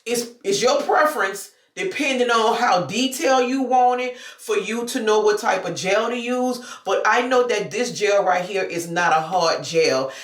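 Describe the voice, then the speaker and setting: A woman's voice: mid-range voice, moderate pace, few pauses. A woman hosting a hair care vlog, chatting informally and talking viewers through her routine as she does it. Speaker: natural hair care vlogger. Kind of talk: casual talk-through tutorial. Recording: echoey room, mic at a distance.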